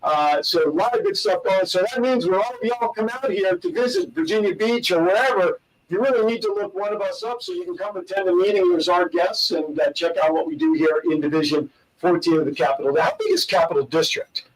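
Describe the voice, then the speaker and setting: Upbeat co-host, man, high voice, sitting a little off the mic, playful joke teller. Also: brisk, few pauses, recorded from a distance, a crowd in the background, low-quality recording. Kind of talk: casual talk show banter telling dad jokes.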